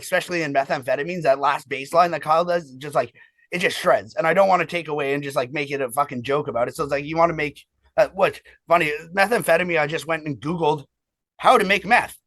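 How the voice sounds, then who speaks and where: A man's voice: a little high, a bit bright, dry recording. Rambling, foul-mouthed band frontman, dry sound. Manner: rambling, profane, heavy on fillers. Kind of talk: casual storytelling interview.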